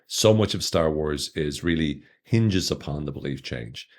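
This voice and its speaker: Male podcast host with a deep voice, upbeat and chatty, teasing his listeners. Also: lively intonation, unhurried. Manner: enthusiastic, chatty, with playful asides to listeners. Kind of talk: solo podcast talk.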